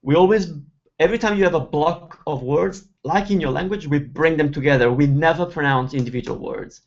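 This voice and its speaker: A man teaching as host of an online webinar, reading out viewer questions and slowly sounding out example words. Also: on the high side, vocal fry, highs cut off. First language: Italian. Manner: reads out viewer questions, then slowly spells out pronunciation. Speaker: Italian teacher. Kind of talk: webinar Q&A lesson.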